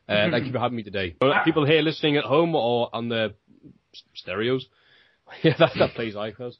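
A man's voice: mid-range voice, a little fast, no room sound, lo-fi sound. A man in his late twenties, a podcast guest who jokes in a self-deprecating way. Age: 20s. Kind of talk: casual podcast chat.

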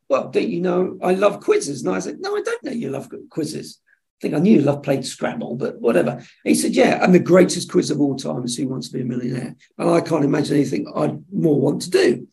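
A man, a television executive, telling lively anecdotes in an interview and acting out the dialogue. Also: on the high side, normal speed, creaky. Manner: animated storyteller acting out dialogue. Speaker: television executive, podcast guest.

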